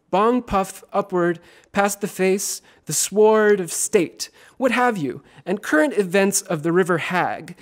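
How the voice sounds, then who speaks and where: A man performs his poems at a university reading with a high voice. His delivery is theatrical and lively, swinging from loud lines to hushed ones. He sometimes drops into chanting repeated words. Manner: chanting repetitions. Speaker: poet. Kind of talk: poetry reading.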